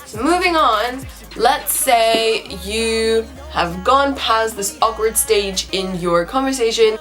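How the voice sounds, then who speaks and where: A woman's voice: fairly high pitch, fairly bright tone. Young woman, chatty tutor, upbeat, repeats phrases for learners, faint music behind. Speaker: language tutor. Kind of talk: casual online language lesson. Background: faint background music.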